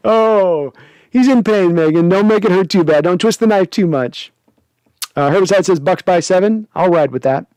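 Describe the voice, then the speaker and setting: A man hosting a casual sports livestream, reading out viewer comments with animated, joking chat. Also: on the high side, no room sound. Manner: animated, jokey, reads chat aloud. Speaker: host.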